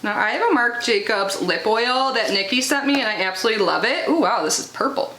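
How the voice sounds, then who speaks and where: A woman's voice: on the high side, animated, fairly quick, pushed and bright. A young woman in casual unboxing chat, chatty and full of filler words as she reads out product blurbs. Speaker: unboxing vlogger. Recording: echoey room with faint noise.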